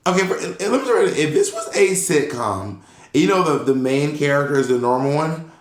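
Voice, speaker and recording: A man co-hosting a podcast in casual chat, an animated storyteller who acts out the people he quotes. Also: on the high side, a little fast. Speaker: podcast co-host. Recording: roomy echo.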